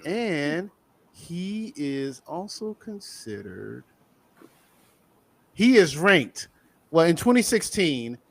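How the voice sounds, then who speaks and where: Lively man reeling off wrestling stats. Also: on the high side, extremely slow, gravelly, pauses often, no room sound. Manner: reels off stats, lively and joking. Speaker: podcast host. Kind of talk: casual wrestling debate.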